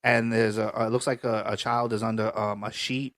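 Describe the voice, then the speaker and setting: A man's voice: fairly low pitch, flat delivery, brisk, fairly bright tone, no echo, clean studio sound. Rambling man co-hosting a chat podcast. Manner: rambling, lots of fillers and restarts. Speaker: podcast co-host. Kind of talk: casual chat.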